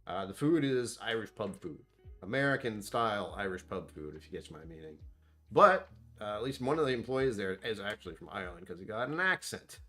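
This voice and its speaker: A man with a lowish voice hosts a casual whiskey tasting. He rambles and thinks out loud, pokes fun at his own memory, and his pitch swings widely as he goes. Soft guitar music plays faintly behind him. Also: animated, a little fast. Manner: rambling, self-deprecating, thinks aloud. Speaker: whiskey reviewer.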